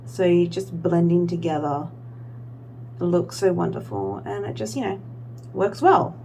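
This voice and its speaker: A young beauty vlogger with a lowish, gravelly voice chats a little slowly and mellowly through her makeup routine. She rambles loosely, leaning on "like" and tossing in small self-mocking asides, while a faint hum runs beneath the recording.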